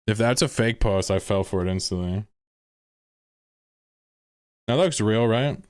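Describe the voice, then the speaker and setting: A man's voice: on the low side, unhurried, clear, resonant tone, no echo, studio quality. A man commentating casually on a stream, exasperated and swearing as he reads posts aloud.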